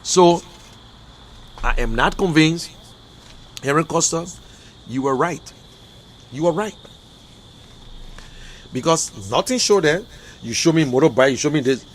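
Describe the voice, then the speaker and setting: A man with a Liberian English accent, talking on a political livestream, emphatic and repetitive, swinging from low muttering to loud outbursts. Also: expressive, unhurried, long pauses, a little hiss or hum. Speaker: livestream commentator. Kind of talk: impassioned political livestream rant.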